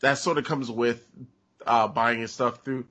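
Husky-voiced man with a cold. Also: medium pitch, fairly even intonation, fairly bright tone. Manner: halting, many fillers and restarts. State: has a summer cold. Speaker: podcast co-host. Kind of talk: casual gaming chat.

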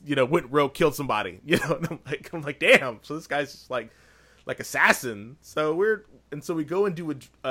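A man retells a video game session in loose, casual podcast talk. He rambles and grows excitable, often restarting his sentences as he goes. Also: mid-range voice.

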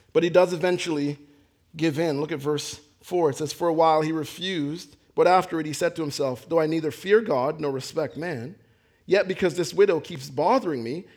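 A man preaching a sermon, earnest, swinging from raised, near-shouted lines down to quiet ones. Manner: earnest preaching, rising to near-shouts then dropping low. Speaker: pastor.

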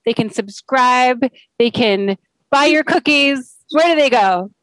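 High-voiced woman podcast host, dry sound. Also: measured pace, a bit bright, no echo, low-quality recording. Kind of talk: interview wrap-up.

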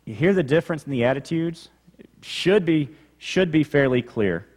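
A man's voice: fairly high pitch, lively intonation, normal speed, a little mellow. A male pastor preaching a teaching sermon, explaining the text and repeating key points for emphasis.

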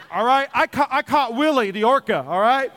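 High-voiced man preaching in a reverberant hall. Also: expressive, a little slow, a bit bright. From Minnesota. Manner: humorous storytelling, repeats key lines for emphasis. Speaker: pastor. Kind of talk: sermon. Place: church.

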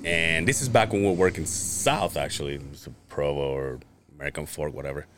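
A man's voice: very deep voice, a little fast, a bit bright. A man co-hosting a podcast, telling profane work stories in casual chat and laughing often. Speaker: podcast co-host.

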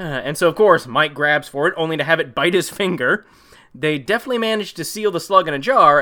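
A man's voice: high voice, bright, forceful tone. A man hosting a podcast, riffing sarcastically on a movie in a rambling, profane way. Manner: sarcastic, rambling, swears freely. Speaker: podcast host.

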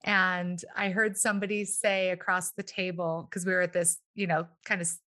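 Bright, enthusiastic woman podcast host. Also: lowish voice, normal speed. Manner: enthusiastic, animated storyteller, laughs often. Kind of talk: casual interview conversation.

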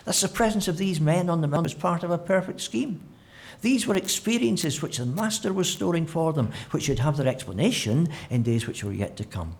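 A man preaching a sermon, telling the story with animated delivery and acting out quotes in different voices. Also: a little high, vocal fry.

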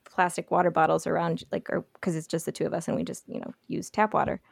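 Podcast co-host, woman, slightly low, gravelly fry, rambling and chatty, dry sound. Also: level tone, fast, dry recording. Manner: chatty, lots of fillers and hedging, light laughs. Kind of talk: casual chat.

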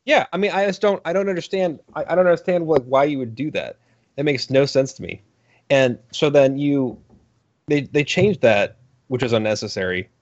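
A man's voice: mid-range voice, animated, moderate pace. A man in casual podcast chat, ranting animatedly and swearing, slipping into mocking voices. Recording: dull lo-fi sound.

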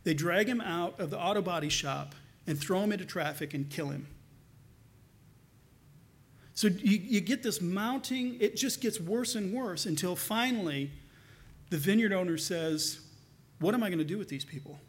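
A male pastor preaching a sermon, retelling a parable in an animated, colloquial way and often repeating words as he restarts. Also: high-pitched, unhurried. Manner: animated storytelling, colloquial asides.

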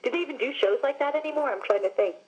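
A Long Island-born actress, a guest in a casual interview, animatedly spins stories full of "like" and "you know." She speaks rapid-fire in a high, slightly mellow voice on lo-fi audio.

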